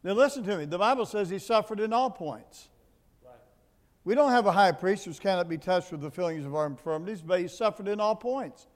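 A man preaching a sermon, dropping to quiet asides and then rising to loud, emphatic points, often repeating words as he builds. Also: sits high, expressive, fairly quick, big-room sound. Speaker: pastor. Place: church building.

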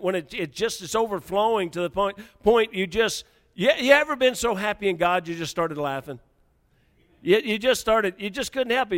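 A man preaching a sermon, halting and repeating words, growing excited as he reads scripture. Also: sits high. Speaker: pastor. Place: church sanctuary. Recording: long hall reverb.

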